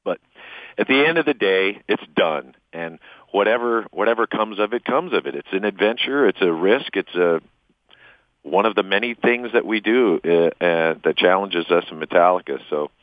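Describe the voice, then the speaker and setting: A musician answering interview questions in a halting way, repeating words as he searches for them, heard in a played clip. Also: sits low, animated, no room sound. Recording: tinny phone-like audio clip.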